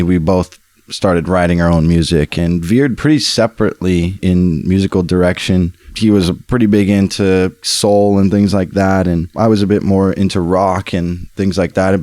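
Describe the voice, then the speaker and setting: A man's voice: sits low, a little mellow, no echo. A man in his twenties from Australia, a musician guest chatting casually in an interview, laid-back and jokey. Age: 20s. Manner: laid-back, jokey, says dude and bro.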